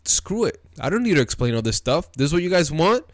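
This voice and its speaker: A man putting on a breezy, flippant male creator who shrugs off explaining anything, a little higher than his usual voice. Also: big pitch swings, fairly quick, no echo, studio quality. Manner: flippant, offhand.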